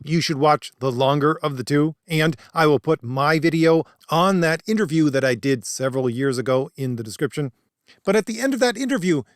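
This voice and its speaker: A man's voice: high-pitched, dry recording, clean studio sound. A man hosting a commentary video, arguing his points emphatically and quoting what others said. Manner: emphatic, argumentative. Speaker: commentary host.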